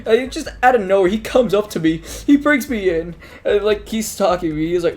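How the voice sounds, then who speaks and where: Brief: male vlogger, slightly high voice, loose rambling storytime delivery, faint music underneath. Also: lively intonation, normal speed, darkish tone. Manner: rambling, full of "like" and restarts, swears casually. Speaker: vlogger telling school stories. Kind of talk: casual storytime monologue.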